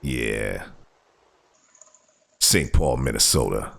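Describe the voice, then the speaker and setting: A man hosting a comedic doorbell-camera clip show, calmly announcing places, then shouting and heckling the people in the clips. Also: very slow, creaky. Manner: heckles people on screen, shouting "get lost"; lively pitch swings, calm place announcements. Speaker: host narrating doorbell clips. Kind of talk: comedic commentary over video clips.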